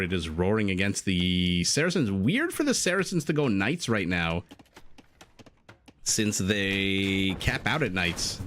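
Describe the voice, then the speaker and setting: With a low voice, a fairly bright tone and a little hiss or hum in the audio, a man casts a strategy game live. He chats and jokes with viewers, reads their messages aloud and goes off on tangents.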